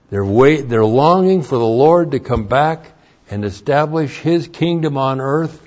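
A man's voice: medium pitch, a little mellow, dull audio. A man teaching scripture verse by verse, reading passages aloud with emphasis and spelling out Hebrew words letter by letter. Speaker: Bible teacher.

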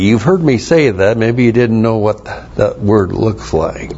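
Slow, deliberate preacher man, lo-fi. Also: fairly low pitch, animated, a little mellow, a little hiss or hum. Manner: slow, deliberate, spells out Greek words letter by letter. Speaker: pastor. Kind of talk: expository Bible teaching sermon. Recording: dull lo-fi sermon recording.

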